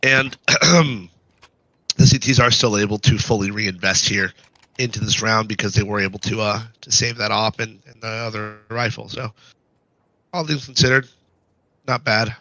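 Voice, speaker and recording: Hoarse man calling a match. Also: lowish voice, normal speed, sharp tone, no echo, rough recording. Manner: wry, talks to the audience between calls. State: hoarse from being sick. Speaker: esports caster. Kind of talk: live play-by-play commentary.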